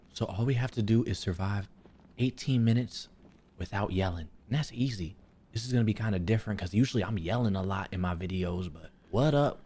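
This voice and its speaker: A young man giving casual gameplay commentary into a desk microphone, loud and jokey, swearing often and talking to his chat. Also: fairly low pitch, husky. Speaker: gaming video creator.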